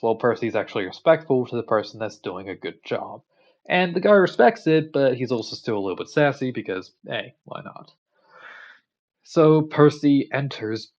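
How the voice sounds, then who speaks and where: A man casually retelling a story in a relaxed, rambling way with lots of fillers. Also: mid-range voice, dull audio. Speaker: commentator.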